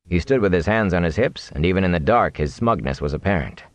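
A man reading a fantasy novel aloud in animated, expressive audiobook narration. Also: low voice, quick pace, no echo.

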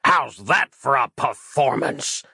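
A man's voice: medium pitch, expressive, slow pace, creaky, sharp tone, breathy edge, no echo, studio quality, pitched above the performer's own voice, full character voice. A man voicing a cruel, leering male dream demon in an audiobook, hissing and sly. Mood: mocking.

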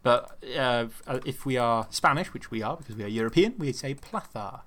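Animated man hosting a quiz. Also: mid-range voice, a little fast, a little hiss or hum. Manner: animated, teasing quiz host. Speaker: quizmaster. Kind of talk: casual podcast chat.

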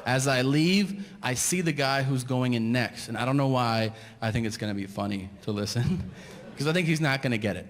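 A man's voice: medium pitch, normal speed. A man doing a stand-up set, telling a story and acting out the voices. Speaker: stand-up comedian. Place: theater stage. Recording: echoey live hall with audience noise.

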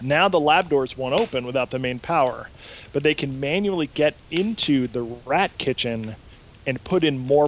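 A man hosting a podcast, casually recapping a show in an animated way and swearing freely. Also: mid-range voice, a little hiss or hum, low-quality recording. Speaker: podcast host. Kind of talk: casual chat, recapping an episode.

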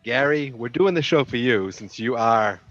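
A man co-hosting a comedy podcast, tossing in dry, deadpan quips. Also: medium pitch, normal speed, no room sound, faint music behind. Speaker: podcast co-host. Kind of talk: casual comedic chat. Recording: dull lo-fi dry mic.

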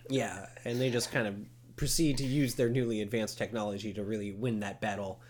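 A man's voice: on the low side, fairly even intonation, a little fast, a little mellow. A young man co-hosting a casual movie podcast, who retells scenes with animation and acts them out. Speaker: podcast co-host. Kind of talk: casual movie review chat.

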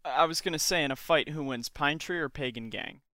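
A man's voice: a little high, fairly quick, pushed and bright, no room sound, clean studio sound. A young man hosting a casual podcast chat, joking and ironic, often laughing. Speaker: podcast host.

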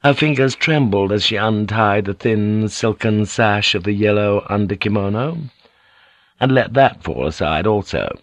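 Low-voiced man narrating an audiobook. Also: unhurried, dry recording.

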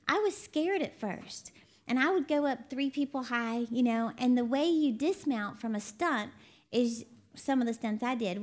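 Chatty woman preaching, high voice. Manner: chatty, laughs often, folksy storytelling. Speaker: ministry CEO and preacher. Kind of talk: conversational sermon.

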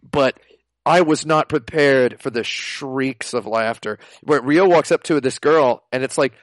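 A man co-hosting a casual podcast, talking excitably and rambling through stories over an online call. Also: mid-range voice, unhurried, dry recording. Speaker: podcast co-host. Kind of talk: casual chat. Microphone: online video call.

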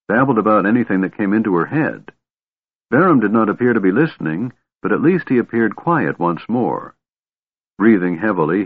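A man reads a fantasy story in a measured, steady way, his low voice somewhat husky. The recording is dry and closely miked, with a thin, phone-like band that cuts the lows and highs. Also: dry recording. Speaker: audiobook narrator. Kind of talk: scripted fantasy narration. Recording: tinny narrow-band recording.

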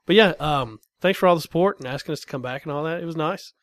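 A man's voice: a little high, quick pace, fairly bright tone, no room sound. A man co-hosting a casual podcast, cracking wry teasing jokes and thanking listeners. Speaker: podcast co-host. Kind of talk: casual chat.

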